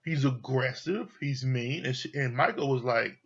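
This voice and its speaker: A man's voice: medium pitch, lively intonation, normal speed, few pauses, a bit bright, slightly rough. A man giving casual, opinionated commentary on a reality show, blunt and profane, often repeating himself. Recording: dull lo-fi audio.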